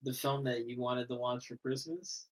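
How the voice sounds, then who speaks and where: A man co-hosts a film podcast in relaxed, casual talk. He teases his partner, giggles readily and restarts his sentences as he thinks aloud, at a mid-range pitch. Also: rough recording. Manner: giggly, teasing, halting restarts. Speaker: podcast co-host.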